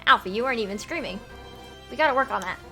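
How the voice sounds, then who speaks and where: A woman voicing a brash, loud female fish warrior who teases people and calls them punk, with music underneath. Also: a little high, lively intonation, fast talker. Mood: teasing. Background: background music.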